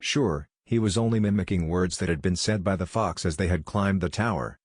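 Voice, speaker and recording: Guy w a really deep voice reading fanfic, flat steady delivery, dry sound. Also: a little fast, no room sound. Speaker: narrator. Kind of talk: scripted narration of fan fiction.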